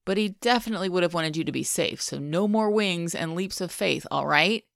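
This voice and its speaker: A woman reads a protective godfather soothing a scared child. He speaks softly and kindly. Her voice is low, with a gravelly rasp, recorded dry and close. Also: fairly quick, dry recording. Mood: tender. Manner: gentle, murmuring with a child. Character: adult man, protective godfather, tense but tender.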